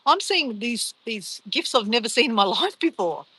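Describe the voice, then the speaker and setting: A woman's voice: a little high, very animated, normal speed, bright, forceful tone, breathy edge, rough recording. An Australian woman chatting casually and bubbly on a travel live stream, reacting to her viewers.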